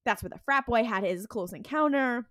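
A woman's voice: moderate pace, dry recording, clean studio sound. Chatty woman recapping, heavy on fillers. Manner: animated retelling with many fillers; acts out the characters' lines with sudden jumps in pitch. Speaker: podcast co-host. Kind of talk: casual episode recap.

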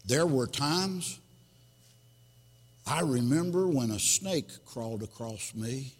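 A man's voice: on the high side, darkish tone. A man voicing a proud, folksy male cucumber in a sermon, telling his story earnestly. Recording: long hall reverb.

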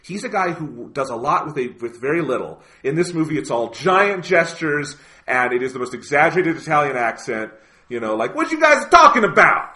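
A man co-hosting a podcast in casual chat, animated and swearing freely, with lots of "like" and "you know". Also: mid-range voice, fairly quick. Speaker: podcast co-host.

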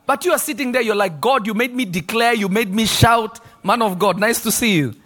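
A man preaching a lively sermon in a church, shouting and acting out voices. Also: high-pitched, fairly quick. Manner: animated, shouting and acting out quotes, laughing.

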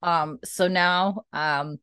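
A woman hosting a casual chat, recapping a story and acting out characters' lines in quick put-on voices. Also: fairly low pitch, steady tone, sharp tone, clean tone, dry recording, clean studio sound. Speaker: podcast host recapping an episode.

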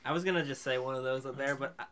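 A man's voice: medium pitch, steady tone, rapid-fire, crowd noise. Man, podcast co-host, wry mumbled asides, casual chat, voices chattering behind.

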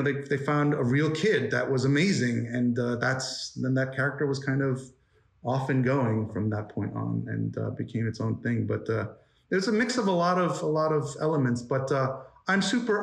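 A man's voice: mid-range voice, moderate pace, creaky. Rambling man in a roomy space. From New York, United States. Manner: rambling, many fillers and restarts. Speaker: interview guest, animation story artist. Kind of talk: casual interview chat. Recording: roomy echo.

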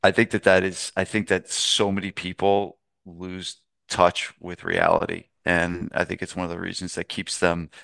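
Middle-aged male podcast host, low gravelly voice, smooth dry sound, eager rambling chat. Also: normal speed, a bit bright, no room sound. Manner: enthusiastic, rambling with restarts. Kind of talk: casual interview chat.

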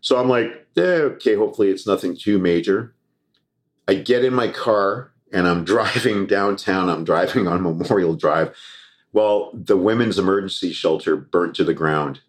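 A man's voice: sits low, moderate pace. A man guest on a podcast, telling a story casually, swearing and laughing as he acts out what people said. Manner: profane, laughing, animated anecdote with quoted voices.

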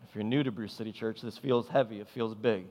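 A man's voice: fairly low pitch, steady tone, a little fast, darkish tone. A man preaching a sermon as pastor, impassioned and emphatic, driving points home with repeated phrases. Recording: long hall reverb.

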